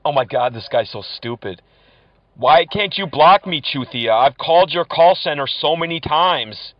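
A man's voice: on the high side, expressive, normal speed, noisy background. A man prank-calling scammers, taunting and insulting them in a mocking tone. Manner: mocking, insulting, laughs at his targets. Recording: muffled lo-fi audio.

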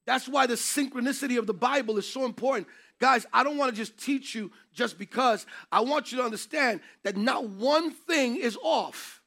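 Male Bible teacher, very high gravelly voice, emphatic preacher delivery. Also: fairly bright tone. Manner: emphatic, preacherly, takes questions from class. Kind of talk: interactive Bible class teaching.

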